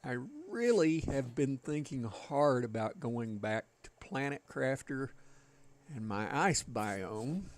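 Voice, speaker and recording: A game streamer from the Southern United States chats folksily with his live viewers while playing. His mid-range voice has lively intonation, and he takes his time, rambling along in a Southern American accent.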